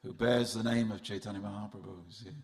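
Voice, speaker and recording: A man's voice: fairly low pitch, fairly even intonation, quick pace. A man giving a festival sermon in a temple hall, telling humorous stories and speaking straight to his audience. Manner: humorous storytelling, addresses the audience directly.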